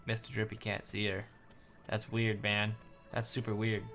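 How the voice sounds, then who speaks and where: A man giving quiet, amused asides while playing through a game. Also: lowish voice, completely flat delivery, moderate pace, faint music behind. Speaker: gamer. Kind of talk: playthrough commentary.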